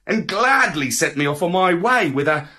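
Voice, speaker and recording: Taking the first-person voice of a children's story, a man reads it aloud with swooping, expressive storybook flair. His voice is slightly high and husky.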